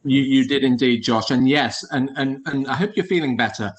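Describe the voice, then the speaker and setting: The founder of a hotel group presents his hotels on a video call from a home or office in London, speaking at a moderate pace in a mid-range voice. He is chatty and friendly in this casual presentation and often repeats words. The recording is muffled, with slight background noise.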